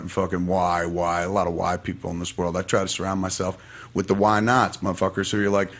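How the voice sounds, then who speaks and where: A man's voice: low voice, level tone, quick pace. A man casually telling a personal story as a podcast guest, profane and rambling but heartfelt.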